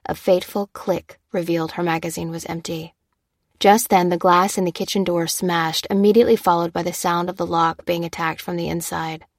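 A woman narrating a thriller audiobook in a steady, measured way. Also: on the low side, no room sound, clean studio sound.

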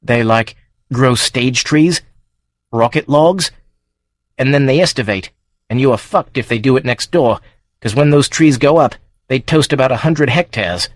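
Male reader doing a wily old country woman over seventy, voice raised high, clipped sly talk, dry sound. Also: unhurried, no room sound. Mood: shrewd. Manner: sly, clipped rural speech, fond of swearing. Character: wily old woman smallholder, shrewd and blunt.

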